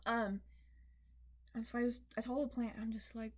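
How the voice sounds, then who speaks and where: A young woman telling a personal story to her viewers, candid and emphatic, swearing freely and swinging between excitement and tears. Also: on the high side, moderate pace, long pauses. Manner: emphatic, repeats words. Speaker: vlogger. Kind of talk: confessional storytime.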